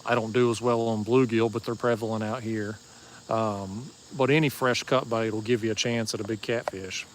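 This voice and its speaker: A man's voice: on the low side, fairly even intonation, normal speed, noisy background. A man with an East Tennessee Southern drawl hosts a casual fishing livestream outdoors at night, chatting in a laid-back, folksy, joking way as he answers viewers. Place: outdoors at a marina bank at night.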